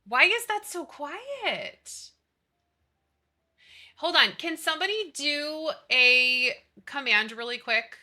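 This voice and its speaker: A woman's voice: high-pitched, animated, slow, pushed and bright. A young woman streaming live, chatting casually, swearing freely and apologizing as she fiddles with her settings.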